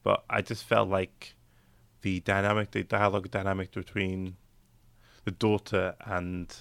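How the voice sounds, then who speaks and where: A man's voice: sits low, little pitch movement, measured pace, creaky, a bit bright, clear, resonant tone, dry recording. A young man co-hosting a podcast, chatting casually and rambling with many fillers and restarts. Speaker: podcast co-host. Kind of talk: casual chat.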